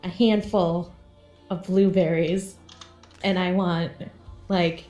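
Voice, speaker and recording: A woman's voice: lowish voice, steady tone, slow, mellow, faint music behind. An eager little girl asks for sweets in a chirpy, hesitant voice, as a woman puts her on. The sound has an echoey room around it. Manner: chirpy, hesitant childlike speech.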